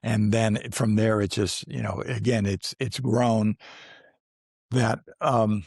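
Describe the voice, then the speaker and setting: A man's voice: lowish voice, steady tone, takes it slowly, gravelly, darkish tone, slightly rough, no echo, studio quality. A man in his sixties, an actor as a guest, telling stories in a casual interview, rambling, restarting often and laughing as he goes. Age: 60s.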